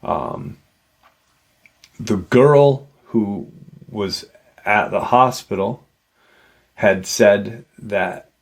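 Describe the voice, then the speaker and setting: A man's voice: lowish voice, very slow, long pauses. A man hosting a paranormal channel, casually retelling an encounter story in a rambling way with many "you know" asides.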